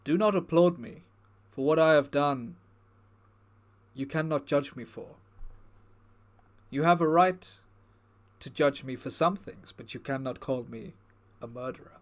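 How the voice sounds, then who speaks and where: A man playing a brooding, self-serious male war-veteran comedian, with a solemn, halting, grave delivery. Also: a little high, close to an everyday voice.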